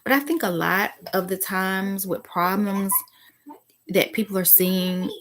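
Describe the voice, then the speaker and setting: Speaking a little slowly in a mid-range voice, this quiet-voiced teacher delivers a reflective spiritual talk. Her thoughts come out with restarts and abrupt bursts of excitement, over a slight background hiss or hum.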